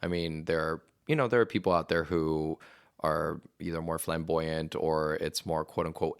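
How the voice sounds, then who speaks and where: A young adult Venezuelan actor with an extremely low, vocal-fry voice talks casually as a podcast guest in an interview. He's a chatty, rambling storyteller with many fillers. The studio sound is clean, with no echo.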